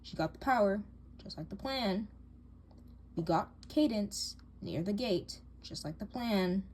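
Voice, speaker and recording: A woman's voice: mid-range voice, expressive, a little slow, a little mellow, close to an everyday voice. Woman doing a cold scheming doll-drama girl, taunting, bossy, faint hiss.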